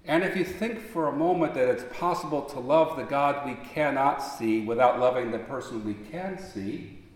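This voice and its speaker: A man preaching a sermon, telling stories, then rising into emphatic appeals before dropping back to a soft voice. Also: medium pitch, moderate pace. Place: large church sanctuary. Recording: long echo of a large church hall.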